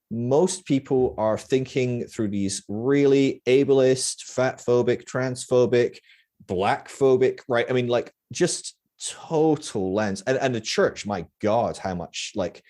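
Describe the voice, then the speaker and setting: A man's voice: medium pitch, a little slow, darkish tone. A man hosting a podcast, speaking bluntly and casually, swearing and thinking aloud. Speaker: podcast host. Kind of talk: casual chat.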